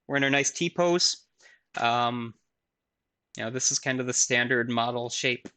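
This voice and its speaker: A man giving a recorded university lecture with a live software demo, talking casually with frequent fillers and self-deprecating asides. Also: medium pitch, unhurried.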